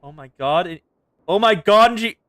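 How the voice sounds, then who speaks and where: An excitable man commenting live over his gameplay, exclaiming often. His voice is high and bright, jumping all over its range. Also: moderate pace, no echo, studio quality. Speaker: game streamer.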